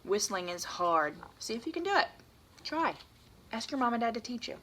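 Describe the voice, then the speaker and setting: A woman's voice: on the high side, normal speed, poor audio. Woman reading a picture book to children. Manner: animated, sing-song read-aloud with warm asides to children. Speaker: teacher.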